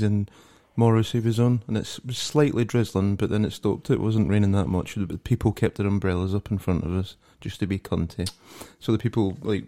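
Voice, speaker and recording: A man's voice: on the low side, mellow. A man telling a festival story in casual podcast banter, with lots of swearing. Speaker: podcast co-host.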